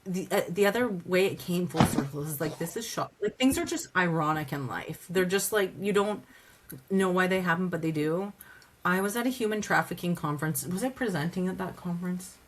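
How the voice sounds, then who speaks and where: Woman telling a lively personal story, low voice. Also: a little fast. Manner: lively storyteller who acts out dialogue, many "like" fillers. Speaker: guest, advocate. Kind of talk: casual podcast storytelling.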